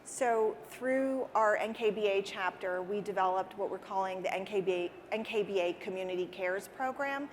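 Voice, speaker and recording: A woman speaking earnestly as an interview guest, restarting her sentences and repeating words as she goes. Her voice sits at a middle pitch. It carries a long reverb, as if recorded in a large hall. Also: normal speed, hardly any pauses, a little hiss or hum. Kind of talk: conversational interview answers. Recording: reverberant hall with faint ambience.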